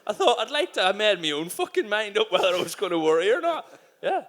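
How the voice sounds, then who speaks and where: A man who is a motorcycle racer telling a profane, animated anecdote on stage at a live podcast event. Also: sits high, fast. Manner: animated, profane storytelling with frequent laughs.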